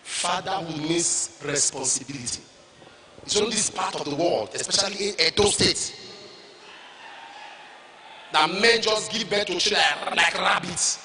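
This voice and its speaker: A Nigerian pastor in a sermon, with a man's voice that sits very high. He shouts and chants his points in a sing-song rhythm. He sounds far from the mic in an echoey hall. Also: measured pace, long pauses, crowd noise. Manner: emphatic, shouted lines and sing-song repetition.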